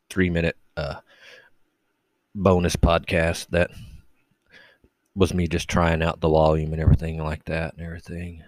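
A man's voice: low-pitched, flat delivery, unhurried, long pauses, dry recording, rough recording. A man hosting his own solo podcast, rambling casually and swearing, mocking himself as he goes. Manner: rambling, profane, self-mocking. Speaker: podcast host.

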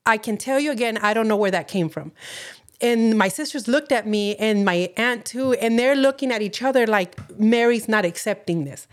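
A woman's voice: fairly high pitch, normal speed. A woman with a Californian accent, a podcast co-host telling a personal faith story in an earnest, storytelling way, acting out the dialogue. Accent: Californian English. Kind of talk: personal testimony in casual chat.

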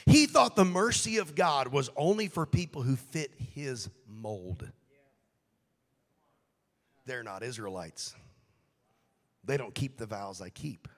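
A man preaching a sermon as pastor, shifting from quiet, hushed passages to loud, shouted appeals, acting out the voices he quotes. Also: medium pitch, animated, takes it slowly, long pauses, in a large hall. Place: church sanctuary.

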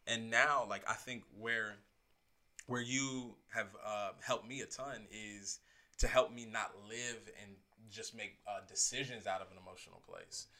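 A man in casual podcast conversation, his voice a little low but bright and forward. He speaks earnestly and thoughtfully and laughs easily. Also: steady tone, a little slow. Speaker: podcast co-host, pastor. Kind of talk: casual chat.

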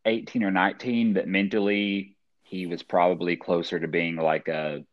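A man's voice: sits low, level tone, normal speed, lo-fi sound. A man co-hosting a casual true-crime podcast, thinking aloud and hesitating. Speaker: podcast co-host.

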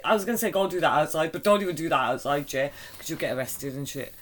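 A woman's voice: sits low, lively intonation, quick pace. A woman co-hosting a podcast in casual chat, teasing and swearing, laughing often. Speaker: podcast co-host.

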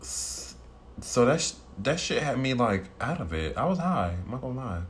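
A man's voice: mid-range voice, sing-song, normal speed, a little hiss or hum. A man co-hosting a podcast, teasing his co-host and laughing often. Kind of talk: casual chat.

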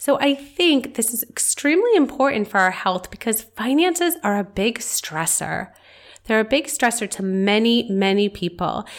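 Woman physician-host, congested and nasal, chatty solo podcast delivery, candid and personal. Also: fairly high pitch. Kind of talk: casual solo podcast talk.

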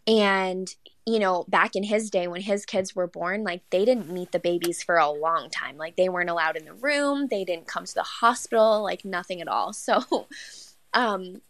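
A young woman telling a personal story as a podcast guest, chatty and animated, full of likes and self-corrections, acting out the voices of the people she quotes. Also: normal speed, no echo. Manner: animated, acts out quoted voices with big pitch jumps. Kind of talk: casual storytelling.

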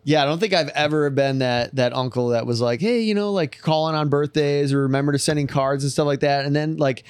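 A man's voice: medium pitch, fairly even intonation, brisk, clear, resonant tone, no echo. A man hosting a podcast who chats casually and rambles with lots of filler words and some swearing.

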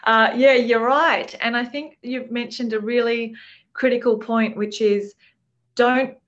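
A woman's voice: a little high, fairly even intonation, unhurried, fairly bright tone, muffled recording. A woman hosting a podcast interview, encouraging and enthusiastic. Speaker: podcast host.

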